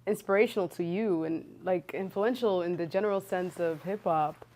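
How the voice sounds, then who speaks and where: Low, mellow-voiced woman interviewer. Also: normal speed. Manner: brief affirming replies, relaxed questions. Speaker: interviewer host. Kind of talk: interview questions and back-channel.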